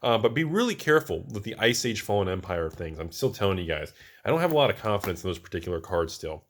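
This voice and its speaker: A man with a fairly low voice chats casually as he shows off his collection. He swings between loud, excited bursts and low, offhand mutters, and he mocks himself with quick jokes. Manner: wisecracking, self-mocking. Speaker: host, card collector. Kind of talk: casual card collection show-and-tell.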